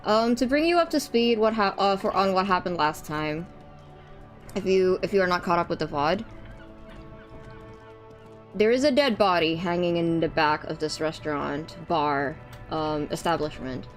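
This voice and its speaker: A woman's voice: fairly low pitch, moderate pace, soft background music. A woman streamer chatting casually to her viewers while playing a game, rambling with fillers and restarts. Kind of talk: casual gameplay commentary.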